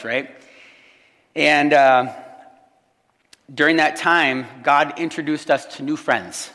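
A man from Illinois, a pastor telling a story in a sermon, animated, acting out the voices he quotes and dropping to a hush at times. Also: mid-range voice, in a large hall.

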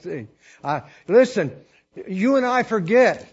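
Older man, husky, rambling folksy preacher, muffled recording. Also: high-pitched, lively intonation, normal speed, a little mellow. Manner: folksy, rambling with restarts and laughs. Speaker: missionary preacher. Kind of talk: storytelling sermon.

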